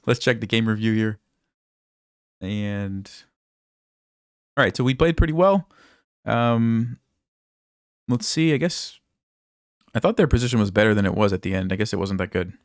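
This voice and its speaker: Low-pitched male chess coach, voice going hoarse; easygoing play-by-play, dry close mic. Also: a little slow, long pauses, no room sound. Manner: relaxed, thinks aloud, asks viewers questions. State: hoarse, losing his voice, coughing. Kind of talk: casual live game commentary.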